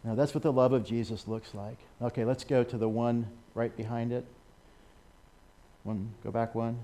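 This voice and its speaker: An American man giving a sermon over a slideshow, animated, with laughing asides and excited exclamations. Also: medium pitch, moderate pace. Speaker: missionary speaker.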